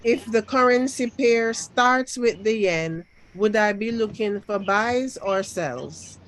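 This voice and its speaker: Trading coach for a live lesson: slow and deliberate, insists on firm answers, keeps repeating questions. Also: medium pitch, animated, fairly bright tone, rough recording. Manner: drilling, repeats questions until answered firmly. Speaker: trading teacher.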